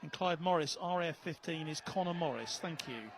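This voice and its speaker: A man doing live play-by-play commentary, measured as he reads out viewer messages and rising on big plays. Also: a little high, background noise. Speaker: lead commentator.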